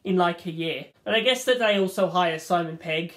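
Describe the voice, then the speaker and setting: A woman's voice: fairly low pitch, normal speed. A woman reviewing a film in a rambling, casual monologue, swearing freely and acting out the scenes.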